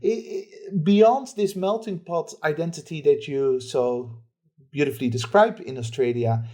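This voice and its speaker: A man's voice: on the high side, animated, a little slow, mellow. A man hosting a podcast, asking long, wordy, probing interview questions. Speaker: podcast host.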